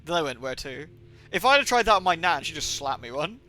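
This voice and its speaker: A man's voice: a little high, sing-song, fast talker, pushed and bright, faint music behind. Rambling young English man streaming. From England. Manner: rambling, swears often, many fillers. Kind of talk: livestream gaming chat.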